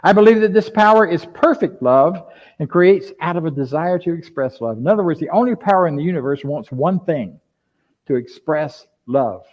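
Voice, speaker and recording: An older man preaching a conversational sermon as a minister, lively and full of rhetorical questions to his congregation. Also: on the high side, moderate pace. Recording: dull lo-fi sound.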